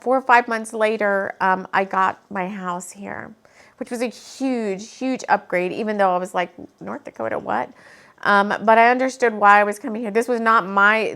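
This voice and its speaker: A woman of medium pitch, with vocal fry and a fairly bright tone, gives a casual spiritual video talk from her home. She channels messages and reads tarot cards to the camera earnestly, drifting from point to point and becoming emotional. Audio comes from the camera mic.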